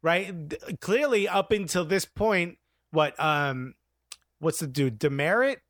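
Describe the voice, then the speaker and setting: High-pitched man, jokey banter, dry close mic. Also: animated, measured pace, fairly bright tone, dry recording. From United States. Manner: jokey, laughs often, loose banter. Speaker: podcast co-host. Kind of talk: casual sports chat.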